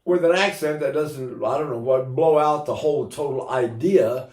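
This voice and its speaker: With a medium-pitched, slightly mellow voice at an ordinary pace, this man in his eighties teaches singing informally. He chats freely and drops in playful jokes, and the recording has a roomy echo.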